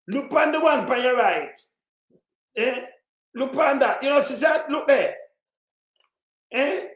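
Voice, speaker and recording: Jamaican lady going off at her phone, keeps saying look here, mocking, yells now and then, echoey room. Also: fairly high pitch. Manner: insistent, repetitive, mocking, bursts of loud shouting. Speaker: vlogger. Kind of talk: casual rant to camera.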